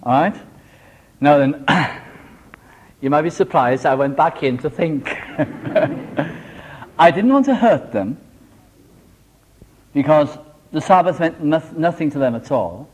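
Welsh man, sermon, fairly high voice, very lively pitch, folksy storytelling. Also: takes it slowly, long pauses, a little hiss or hum. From Wales. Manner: animated preaching with homely stories and jokes. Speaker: preacher.

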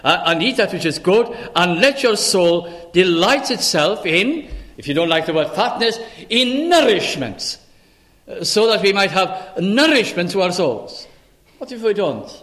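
Earnest, higher-voiced male preacher. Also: very animated, measured pace, a bit bright. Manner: earnest, pleading, with repeated rhetorical questions; quotes old-style scripture wording. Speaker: minister. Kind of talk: sermon.

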